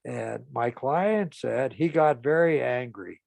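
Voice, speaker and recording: A male therapist recounts a case at an unhurried pace, in a voice with a gravelly rasp. His pitch sits in a middle range. The sound is close and dry. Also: a little mellow, no room sound. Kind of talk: storytelling talk.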